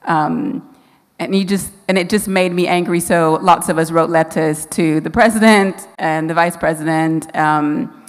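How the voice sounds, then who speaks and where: An American woman talking as a guest at a live event, outspoken and laughing easily. Her voice sits slightly low. The hall gives it a long reverb. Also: fairly even intonation, unhurried. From USA.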